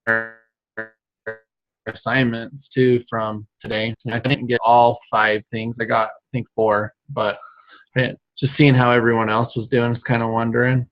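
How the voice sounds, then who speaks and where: Man, mid pitch, slow and halting, dry and muffled call sound. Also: flat delivery, no echo. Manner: hesitant, halting, many fillers. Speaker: group member on a call. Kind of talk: casual sharing. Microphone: video call. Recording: dry, dull lo-fi call audio.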